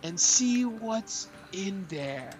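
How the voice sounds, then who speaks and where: A gamer voicing a preachy, mock-reverent guide figure in a Bible video game, with slow, preachy delivery. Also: mid-range voice, expressive, music in the background. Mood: mock solemn. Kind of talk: comic voice-over of a game.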